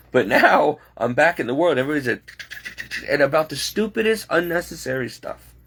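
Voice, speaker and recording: A man's voice: on the high side, breathy edge. A man, a home caregiver, rambling and exasperated as he vents in a late-night vlog. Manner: talking to himself, restless and frustrated.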